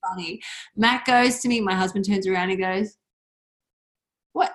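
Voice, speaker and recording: Woman, podcast guest, frank, animated storytelling, mid pitch. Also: normal speed. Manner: candid, animated storyteller, swears casually. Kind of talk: casual chat.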